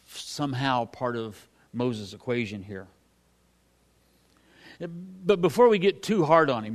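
A man teaching from the Bible in a folksy, conversational sermon, reading scripture and then commenting on it with frequent fillers and restarts. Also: mid-range voice. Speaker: pastor.

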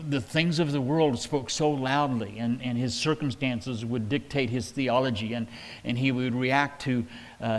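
A man preaching a verse-by-verse sermon at a middle pitch, his folksy, conversational delivery full of plain paraphrase. His voice carries a long reverb, like a church sanctuary. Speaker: pastor.

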